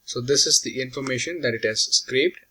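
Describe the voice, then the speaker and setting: A man giving a slow, step-by-step software tutorial, walking through each action on screen. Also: medium pitch, poor audio.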